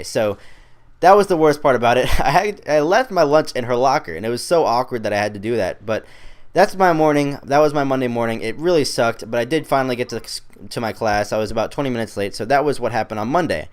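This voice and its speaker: A man's voice: mid-range voice, lively intonation, fast. A teenage boy rambling through a school story over gameplay commentary, chatty and self-mocking. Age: teens. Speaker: gaming commentator.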